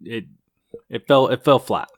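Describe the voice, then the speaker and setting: An easygoing man talks through a TV episode, often pausing on fillers as he retells scenes. His pitch sits in the middle. The recording is dry and close. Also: dry recording. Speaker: podcast co-host. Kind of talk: casual TV recap chat.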